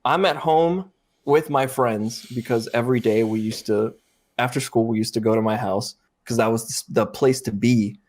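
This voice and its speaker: A man's voice: medium pitch, normal speed, a little mellow. A man with a middling voice telling a story on a podcast. He laughs often, swears casually and acts out the quoted lines as he goes. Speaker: podcast co-host.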